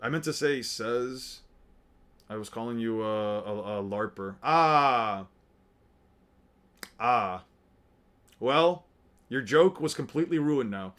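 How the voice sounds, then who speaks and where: A man's voice: medium pitch, takes it slowly, long pauses, fairly bright tone. A young man casually reacting to a comic with his chat, joking around, swearing freely and reading chat messages aloud. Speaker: streamer reading manga with chat.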